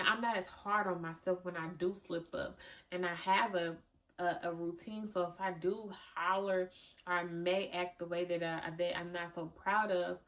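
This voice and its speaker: A woman hosting a podcast in a casual, frank monologue, repeating phrases for emphasis and at times praying aloud. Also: lowish voice. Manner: prays aloud in a softer voice. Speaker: podcast host.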